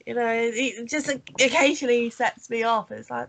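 A woman's voice: fairly high pitch, steady tone, brisk, gravelly, hardly any pauses, fairly bright tone. Nasal woman with a cold. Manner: rambling, full of fillers and restarts, coughing. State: has a cold. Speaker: podcast co-host. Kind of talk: casual chat reviewing a holiday special.

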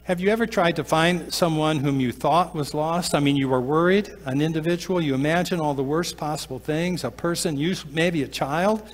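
Recorded with long reverb in a church sanctuary, a male pastor delivers a sermon. To emphasize points, he often slows his pace and lowers his voice to something soft and low.

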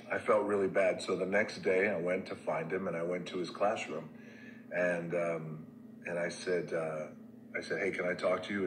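Man, very low voice, candid storytelling, filler-heavy, roomy echo, faint background ambience. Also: background noise. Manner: candid, conversational, lots of fillers and restarts, drops soft at reflective moments. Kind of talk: personal storytelling.

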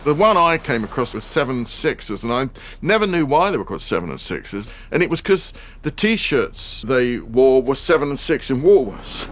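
A man explaining a bit of history in an animated, explanatory way. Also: mid-range voice, moderate pace. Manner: explanatory, lively. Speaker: interviewee.

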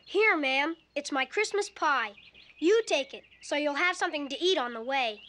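An actress playing an earnest, anxious young schoolboy in a 1960s animated musical, talking in a breathless, eager-to-please way. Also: female voice, high voice, normal speed, a little hiss or hum.

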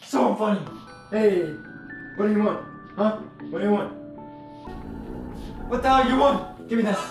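A man with a high voice is recording a comedic VR let's play, brash, loud and trash-talking. His voice rings around a very echoey room. Faint music plays underneath. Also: measured pace. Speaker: gamer.

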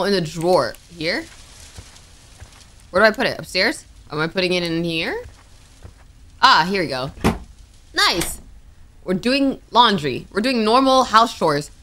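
A woman's voice: medium pitch, pushed and bright. A woman streamer playing a horror game, talking to herself in nervous, jumpy commentary. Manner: jumpy, talks to herself, scared exclamations. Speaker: gaming streamer. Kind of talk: let's play commentary.

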